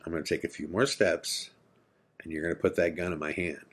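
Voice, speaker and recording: A man quoting his father as a steady, commanding figure in the story he tells. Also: low voice, fairly quick, husky. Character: firm, calm father facing down an armed man.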